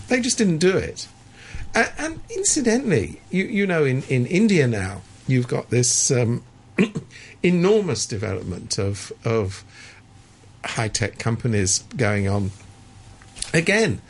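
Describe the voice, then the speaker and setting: A man's voice: mid-range voice, very animated, a little slow, slight background noise. A man living in Hong Kong giving opinionated political commentary in a sardonic, emphatic way, with many restarts. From Hong Kong resident. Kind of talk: opinionated discussion.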